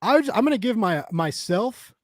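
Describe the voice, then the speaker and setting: A man in his thirties from the United States with a slightly high voice, chatting casually. He rambles through fillers and restarts and laughs easily. The sound is dry and close, with no room echo. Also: animated, moderate pace. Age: 30s. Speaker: co-host. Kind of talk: casual chat.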